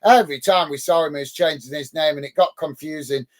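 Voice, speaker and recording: A man's voice: a little high, quick pace. A man hosting a live football watch-along, calling the play and thanking chat viewers by name in an upbeat way, on a close mic. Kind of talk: live match commentary and chat reading. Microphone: close mic on a headset.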